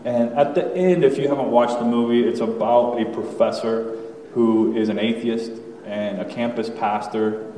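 A man in his thirties telling his personal testimony to a church congregation, candid and conversational, with fillers and soft laughs. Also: medium pitch, fairly even intonation, normal speed, slight background noise. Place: church sanctuary. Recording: echoey hall, voice from far off.

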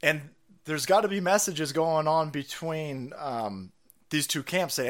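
A man hosting a livestream, reacting to clips with profane, excitable political commentary. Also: a little high, a little slow. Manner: profane, excitable, laughs and shouts over clips. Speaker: livestream host. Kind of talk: casual political commentary stream.

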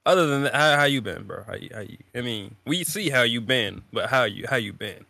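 Man in relaxed upbeat banter, dry sound. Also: medium pitch, brisk, gravelly, no room sound. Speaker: podcast co-host. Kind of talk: casual chat.

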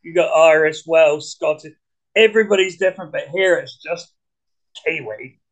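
A man with a British accent, talking as a podcast guest in an energetic, blunt way, swearing casually. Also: fairly high pitch, normal speed, poor audio. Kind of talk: casual conversation.

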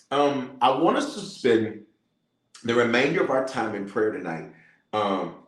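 A middle-aged bishop leading a livestreamed prayer, repeating phrases and calling on viewers to respond. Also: male voice, mid-range voice. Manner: animated preacher, repeats phrases, calls for responses. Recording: roomy echo.

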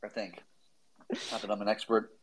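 A man's voice: on the low side, little pitch movement, moderate pace, noisy background. A man with an American accent chatting casually as a guest, rambling and laughing at himself. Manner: rambling, laughing, self-deprecating. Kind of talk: casual chat on a live audio space.

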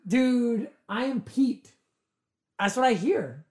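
A woman in casual podcast chat, lively and joking, easily amused. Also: a little high, takes it slowly.

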